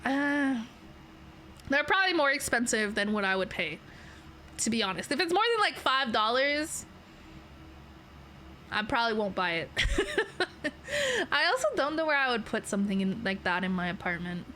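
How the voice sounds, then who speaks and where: A woman's voice: on the high side, big pitch swings, moderate pace, pauses often, pushed and bright, slight background noise. A young adult Canadian woman with a Canadian accent, chatting casually on a livestream from a bedroom setup, rambling playfully and laughing often. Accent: Canadian English. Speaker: VTuber streamer. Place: home streaming setup in a bedroom.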